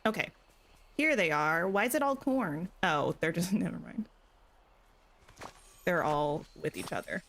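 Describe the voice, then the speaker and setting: A woman's voice: lowish voice, animated, a little slow, long pauses, a bit bright. Chatty woman streamer thinking aloud. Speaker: gaming streamer. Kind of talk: casual gameplay chat.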